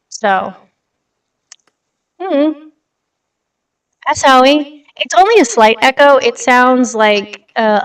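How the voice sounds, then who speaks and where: A young woman with a higher, smooth and clear voice hosts a casual livestream. She is blunt and chatty and swears now and then. She sits a little back from the mic, and a light reverb hangs on her voice. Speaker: livestream host. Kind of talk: casual livestream chat reading news. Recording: slightly distant with light reverb.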